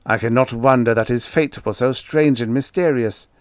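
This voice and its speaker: A man's voice: medium pitch, normal speed, dry recording, studio quality, lightly acted. A man voicing an obsessed, haunted male explorer who growls and raves. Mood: brooding. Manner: growling, raving.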